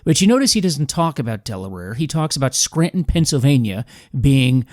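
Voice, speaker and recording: In clean, dry studio audio, a podcast host gives a forceful, combative political monologue with a preachy edge. His mid-range voice swings widely in pitch, moves a little fast and sounds a little mellow.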